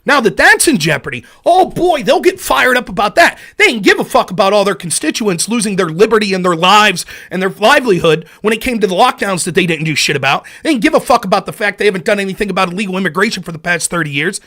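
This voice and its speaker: A man's voice: high-pitched, expressive, fast talker, few pauses, sharp tone. A man hosting a political commentary show, ranting in an angry, sarcastic and profane way.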